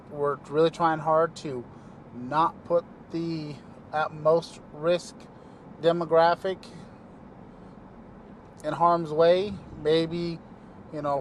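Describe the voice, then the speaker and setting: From inside his moving car, a man who works as a paramedic delivers a loose vlog monologue to the camera, his thoughts often trailing off into fillers. The voice is fairly high, with a bit of hiss or hum on the recording.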